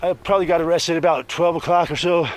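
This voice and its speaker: An angry man rants on and on, full of swearing and tacking "man" onto his sentences. His voice sits slightly high, and he wanders from one grievance to the next in a loose, unscripted monologue. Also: steady tone, quick pace. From Colorado. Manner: rambling, profane, angry, repeats "man". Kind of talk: casual monologue rant.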